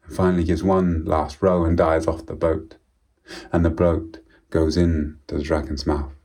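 A man telling a folk tale aloud in a measured, solemn way, often dropping to a quiet voice. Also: very deep voice, level tone. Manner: slow, measured and solemn with repetitions. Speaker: storyteller. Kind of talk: oral storytelling of a folk tale.

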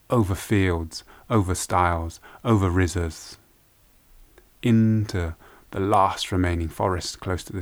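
A man telling a folk tale aloud in an unhurried, hushed way, with repeated phrases. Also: sits low. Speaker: storyteller. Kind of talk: oral folk-tale storytelling.

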